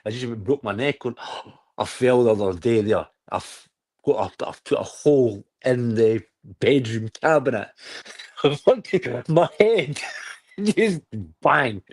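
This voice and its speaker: A man's voice: medium pitch, lively intonation, unhurried, a little mellow. Male livestream host, middle-aged, loose and sweary, mid-range voice. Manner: rambling, sweary, laughs often. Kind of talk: casual livestream chat.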